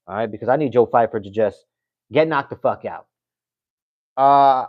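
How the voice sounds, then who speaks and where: A man hosts a casual fight-sports livestream, talking straight to his viewers in an animated, chatty way. He often breaks into laughter as he reads comments aloud. His voice sits at an ordinary pitch, with a dry, slightly muffled recording. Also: normal speed, pauses often, no room sound. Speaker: MMA channel host.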